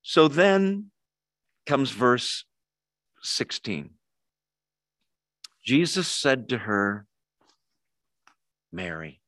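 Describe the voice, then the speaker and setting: Expressive male pastor preaching a sermon. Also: mid-range voice, drawn-out words, long pauses, no room sound. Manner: expressive, swings between emphatic and hushed.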